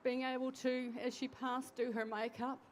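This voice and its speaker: A woman in her sixties giving a eulogy for her sister at a church memorial service, speaking in a halting, heartfelt way and often trailing off. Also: high-pitched, flat delivery, a little hiss or hum.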